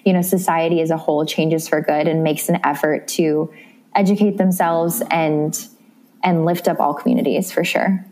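A young woman talks as an interview guest, chatty and bubbly in a lower register. When she quotes someone she jumps high in pitch, then settles back into easy conversation. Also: fairly even intonation, normal speed, warm tone, slight background noise. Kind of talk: casual interview chat.

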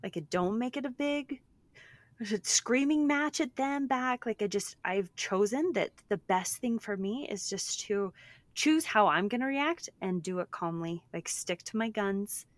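A woman in her thirties co-hosting a podcast, chatting in a lively way, quick with restarts, a mother talking about her kids. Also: medium pitch, dry recording. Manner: animated, talks fast with restarts. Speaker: podcast co-host. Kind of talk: casual chat.

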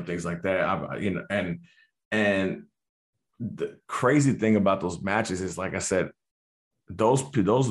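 A man from the United States in a casual chat, who often stops and restarts his sentences and readily agrees with the other speaker. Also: low voice. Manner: halting, restarts a lot, agreeable.

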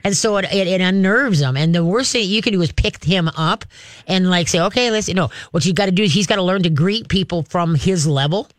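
A man's voice: sits high, brisk, dry recording, clean studio sound. A middle-aged man hosting a call-in show, giving casual dog-training advice in a folksy, rambling way. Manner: folksy, rambling, acts out dog and owner voices. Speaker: dog trainer answering a caller.

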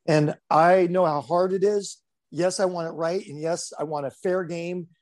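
A man's voice: high voice, moderate pace. A man who coaches baseball, talking casually and rambling through stories with lots of fillers. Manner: rambling, relaxed storyteller with many fillers. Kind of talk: casual conversation.

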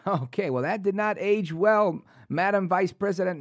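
A man hosting a political talk show, reading news aloud with sarcastic, animated asides. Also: high voice, moderate pace, no echo. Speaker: talk radio host.

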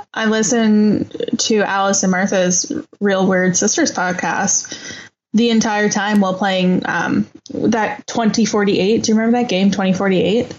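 A woman's voice: medium pitch, dull audio. A woman co-hosting a podcast, chatting casually and enthusiastically about reality TV and her hobbies. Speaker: podcast co-host. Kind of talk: casual chat.

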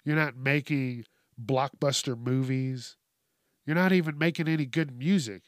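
A man's voice: medium pitch, a little slow, no room sound, studio quality. A man hosting a comedic news show, ranting with heavy swearing and frequent laughter in a mocking tone. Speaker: host. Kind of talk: profane comedic news rant.

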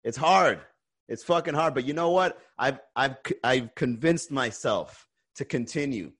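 A man's voice: medium pitch, animated, a little slow, fairly bright tone, slightly rough. A man hosting a live-streamed comedy podcast, chatting loosely with viewers, swearing and ranting between laughs. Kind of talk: casual chat reading viewer comments.

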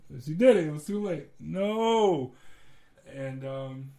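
A man from Ohio telling stories in a casual chat, animated and laughing often as he acts out what people said. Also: on the high side, takes it slowly.

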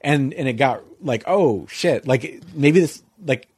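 A man's voice: medium pitch, lively intonation, a little slow, darkish tone, breathy edge, no echo. A man in an easygoing conversation spins out a long anecdote, circling back with constant fillers. His voice sits in an ordinary middle register. The recording is close and completely dry. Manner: rambling, full of "like" and "you know". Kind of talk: casual storytelling chat.

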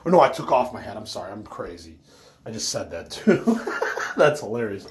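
A man's voice: lowish voice, big pitch swings, moderate pace, crowd noise. A man telling a rambling story about collecting autographs, full of fillers and swearing, who says he is stoned.

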